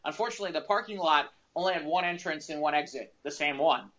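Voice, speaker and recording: A man co-hosting a podcast, telling a rambling, animated anecdote in casual chat. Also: a little high, quick pace. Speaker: podcast co-host. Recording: dull lo-fi sound.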